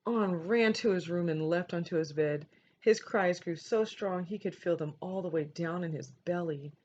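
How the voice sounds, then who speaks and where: A woman teacher reading a picture book aloud in a measured, gentle way. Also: lowish voice. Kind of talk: storybook read-aloud. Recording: dull lo-fi recording, faint noise.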